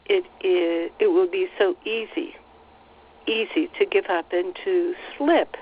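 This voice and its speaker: Soft-spoken woman on a dull call line. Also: mid-range voice. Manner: slow, soothing, repeats phrases, relays quotes. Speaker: spiritual channeler relaying messages. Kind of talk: channeled spiritual teaching on a call. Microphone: phone line on a teleconference call. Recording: slightly dull teleconference audio.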